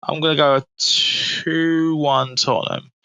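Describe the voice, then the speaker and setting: A man's voice: fairly high pitch, steady tone, a little slow, sharp tone, clear, resonant tone, dry recording. A man, co-hosting a football podcast and bantering in an exasperated way, swearing often. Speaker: podcast co-host, Spurs fan. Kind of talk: casual football chat.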